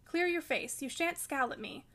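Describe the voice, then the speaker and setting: A woman's voice: sits high, lively intonation, normal speed, a bit bright. A woman reading the part of a proud, fiery young lady of the house in an audiobook, scolding and commanding. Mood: imperious. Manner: imperious and scolding.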